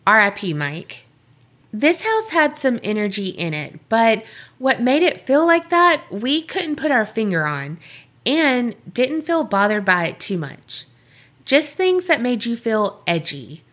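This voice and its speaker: A woman with a fairly high, bright voice chats with her co-host and reads listener emails. Her delivery is giggly and animated, with a very lively pitch. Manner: giggly, animated, quick banter. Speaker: podcast co-host. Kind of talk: casual chat, reading listener emails.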